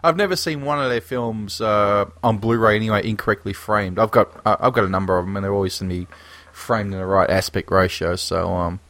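Lowish voice guy, dry close sound, relaxed chat about blu-rays. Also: brisk, dry recording. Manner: laid-back, crude jokes. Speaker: podcast co-host. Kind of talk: casual film chat.

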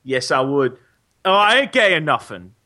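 A man's voice: fairly high pitch, normal speed, bright, forceful tone. A man voicing a boastful, swearing British metal-fan bloke. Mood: blustering. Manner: swearing, blustering, repetitive.

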